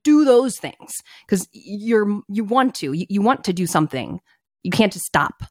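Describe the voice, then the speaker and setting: A young woman co-hosting a casual podcast chat, animated and acting out her own past thoughts. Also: medium pitch, a little slow, no room sound, clean studio sound.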